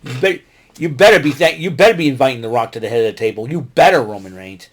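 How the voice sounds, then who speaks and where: A man hosting a casual solo wrestling recap show, rambling and excitable, who talks back to the wrestlers he describes. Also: mid-range voice, fast. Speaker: podcast host recapping wrestling.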